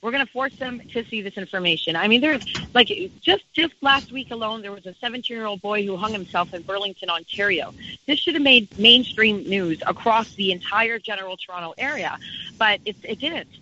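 A woman guest with a very bright, sharp-edged voice talks with passion in an interview. She drives her points home by repeating them. The audio sounds dull and lo-fi, with faint noise underneath. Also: mid-range voice, lively intonation, a little fast. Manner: emphatic, repeats key phrases. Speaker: campaign organizer, guest. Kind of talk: impassioned interview talk.

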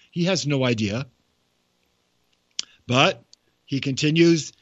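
A man giving casual spoken commentary with a halting, wandering delivery and asides, reading quotes aloud. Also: mid-range voice, no echo. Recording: dull, dry lo-fi recording.

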